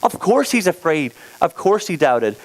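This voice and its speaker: Playful animated male youth teacher. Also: fairly high pitch, moderate pace, low-quality recording. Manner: playful, animated, laughing teacher directing a skit. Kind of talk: interactive Bible lesson with volunteers. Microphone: handheld microphone.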